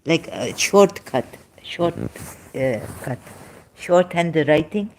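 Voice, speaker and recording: A woman's voice: deep voice, animated, slow, darkish tone, a little hiss or hum. A woman arguing religion in a dramatic, self-interrupting way with frequent apologetic asides. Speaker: ex-Muslim debater. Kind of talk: heated religious debate.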